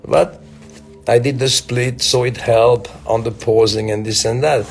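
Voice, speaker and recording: Slow gravelly man with a Belgian French accent. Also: mid-range voice, steady tone, faint music behind. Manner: slow, musing, with halting restarts. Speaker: speaker addressing fans. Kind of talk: reflective motivational talk.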